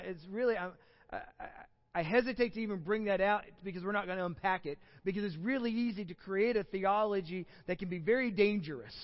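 Texan pastor preaching in a reverberant hall. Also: male voice, sits high, lo-fi sound. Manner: conversational preaching with many restarts, rising to emphatic peaks. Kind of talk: sermon. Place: church.

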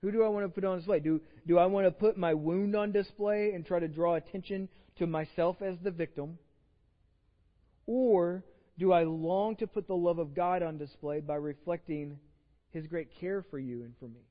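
High-voiced Texan pastor preaching in a hall. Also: male voice, moderate pace, highs cut off. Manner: conversational, repeats words when starting phrases. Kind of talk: sermon. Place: church sanctuary.

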